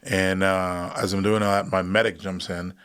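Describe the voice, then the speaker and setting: A man's voice: low voice, level tone, unhurried, fairly bright tone, clear, resonant tone. A man in his thirties, a guest on a podcast, telling a war story in a casual way, acting out voices and laughing often. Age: 30s. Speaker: guest, combat veteran.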